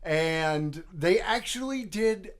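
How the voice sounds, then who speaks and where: Male co-host, slightly high voice, dry wry delivery, casual banter. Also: lively intonation, slow pace. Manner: dry, wry, self-mocking humor. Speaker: co-host of a clown web show.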